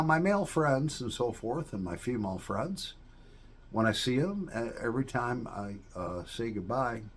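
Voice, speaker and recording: A man's voice: lowish voice, breathy edge. A man in a folksy, rambling casual chat to viewers, often tossing in "all right?" asides. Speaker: vlogger.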